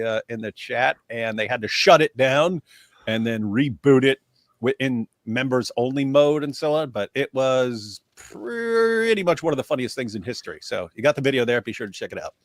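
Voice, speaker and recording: Man, livestream co-host, casual storyteller, wide-ranging expressive pitch, dry close mic. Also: no room sound. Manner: animated storytelling, quick asides. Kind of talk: casual chat.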